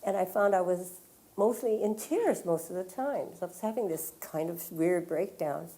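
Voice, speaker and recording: A woman's voice: lowish voice, lively intonation, moderate pace, mellow. An older woman, an author, telling a personal story to a library audience in a conversational way, acting out the lines of others as she goes. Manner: conversational, quotes others in dialogue, many fillers. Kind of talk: storytelling at a public talk. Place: public library, in front of an audience.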